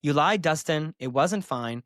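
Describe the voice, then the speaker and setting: A man's voice: a little high, expressive, a little slow, a bit bright, dry recording, clean studio sound. A man hosting a solo podcast as a therapist, talking candidly and emphatically, with sassy asides.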